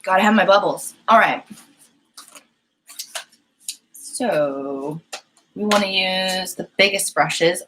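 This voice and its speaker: A woman's voice: medium pitch, slow pace, pauses often, noisy background. A young woman hosting a painting live stream, chatting casually and giggling as she talks to her chat. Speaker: painting livestream host.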